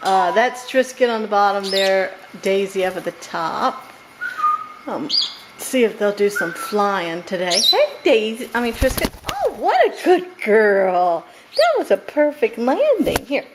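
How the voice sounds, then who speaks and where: A woman filming her pet parrots at home, coaxing them in a high, sing-song pet voice and laughing often. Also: sing-song, a little slow. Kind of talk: home video chat with pet birds. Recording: home camera with loud background noise.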